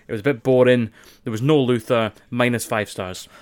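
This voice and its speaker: A man's voice: mid-range voice, fairly even intonation, moderate pace, clear, resonant tone. A man hosts a podcast in a mid-range voice. He talks casually and hesitantly, restarting sentences and swearing as he goes. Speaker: podcast host. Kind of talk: casual chat.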